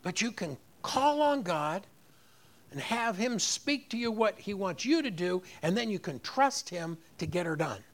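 A man's voice: high-pitched, sing-song, measured pace. A man preaching a sermon, rising on key phrases and leading the congregation in repeating lines. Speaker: pastor.

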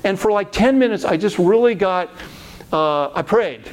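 A middle-aged man, a pastor, telling a personal faith story in a lively way and acting out the voices he quotes. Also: sits high, moderate pace.

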